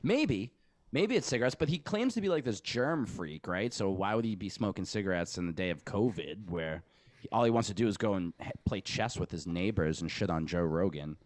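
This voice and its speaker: A man's voice: deep voice, expressive, fairly quick, dry recording. A man hosting a podcast, talking in rambling, profane casual banter and laughing often. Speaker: podcast host. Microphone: podcast studio mic.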